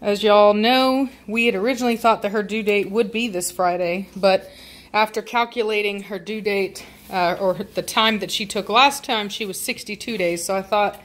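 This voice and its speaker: A woman's voice: mid-range voice, fairly even intonation, normal speed, a bit bright. A woman talking casually to her viewers at home while sitting with her dogs, rambling with many fillers and turning firm when she scolds the dogs. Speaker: dog breeder vlogger. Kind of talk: casual home video update.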